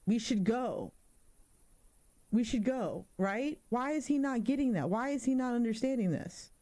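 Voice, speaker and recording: A woman's voice: a little high, measured pace. A woman in her thirties doing casual let's-play commentary, joking around and spooking easily. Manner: animated, jokey, easily spooked. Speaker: gaming streamer.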